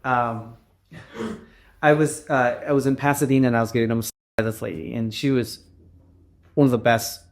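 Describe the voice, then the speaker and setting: A man's voice: medium pitch, fairly even intonation, moderate pace, pauses often. A man in his forties hosting a podcast, telling rambling anecdotes in casual chat and swearing freely. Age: 40s. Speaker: podcast host.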